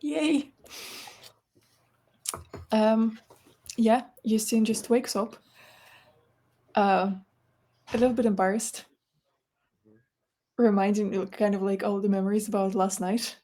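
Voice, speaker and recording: A woman's voice: mid-range voice, level tone, a little slow, long pauses, warm tone. A woman playing her character in a tabletop game, chatty and giggly. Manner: chatty, giggly, lots of fillers. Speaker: player. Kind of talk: casual tabletop play.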